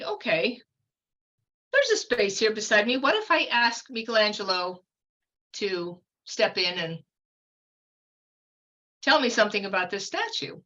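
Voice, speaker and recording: Woman, 50s, podcast guest; bright, slightly high voice; rambling, chatty storyteller; slightly dull audio. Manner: chatty, meandering, full of fillers and asides. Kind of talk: casual storytelling.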